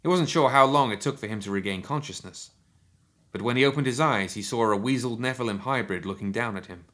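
Bright-toned male audiobook narrator. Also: medium pitch. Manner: steady, measured storytelling.

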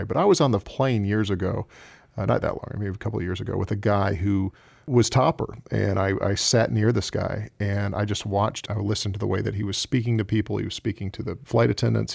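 A man's voice: on the low side, vocal fry, a little mellow, no echo, clean studio sound. A man from the American South, a crime novelist answering radio interview questions in a rambling, chatty way with many fillers.

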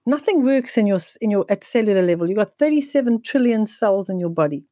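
Fast-talking energetic woman storyteller. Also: medium pitch, no room sound. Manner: fast, energetic, with frequent restarts and repeated words. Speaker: guest speaker on nutrition. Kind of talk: conversational storytelling interview.

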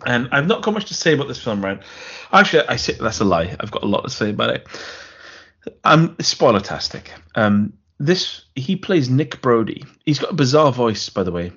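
A man's voice: mid-range voice, sing-song, normal speed, fairly bright tone, breathy edge, muffled recording. A man co-hosting a podcast, rambling sarcastically through a film plot and interrupting himself. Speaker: podcast co-host. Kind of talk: casual film-review chat.

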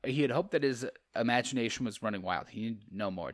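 A man's voice: medium pitch, brisk, few pauses. A man hosting a podcast, casually reading aloud and commenting with profanity and frequent laughter. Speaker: podcast host. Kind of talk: comedic read-along with commentary.

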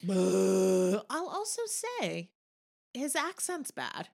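A woman in a relaxed film chat who picks apart acting choices in detail. Her pitch sits in the middle for a woman, and she leaps up into sharp high exclamations when something delights her. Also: drawn-out words, gravelly. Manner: analytical, jumps into high exclamations. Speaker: podcast co-host. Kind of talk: casual film discussion.

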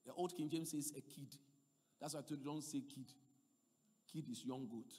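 A man preaching a sermon, swinging between loud emphatic passages and quiet asides. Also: fairly high pitch, normal speed, long pauses, husky, big-room sound.

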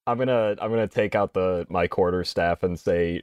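A man's voice: deep voice, normal speed, a little mellow, clean tone, no room sound. A man playing a tabletop game, rambling and joking with frequent laughter. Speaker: player. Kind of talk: casual tabletop banter.

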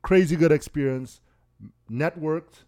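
A man's voice: on the high side, measured pace, darkish tone. A man co-hosting a podcast, telling a story in casual chat with emphatic, profane street slang. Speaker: podcast co-host.

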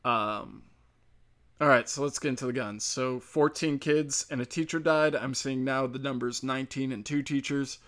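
An American man rants on his own show in a loose, off-the-cuff way. He is sarcastic and swears constantly. His voice has a bright, forceful edge. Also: medium pitch, moderate pace. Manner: crude, sarcastic and profane. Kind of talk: casual solo rant.

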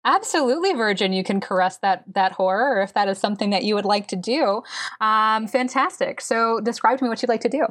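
A woman's voice: fairly high pitch, a little fast, fairly bright tone. Woman game master narrating, many fillers.

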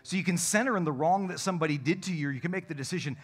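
A man preaching a sermon and telling a personal story, swinging between loud and hushed delivery. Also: a little high, racing, hardly any pauses. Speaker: pastor. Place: church service.

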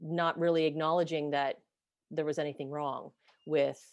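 A woman's voice: sits low, flat delivery, moderate pace, no room sound, highs cut off. A woman host telling her own story candidly, blunt and self-deprecating, swearing freely. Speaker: podcast host being interviewed.

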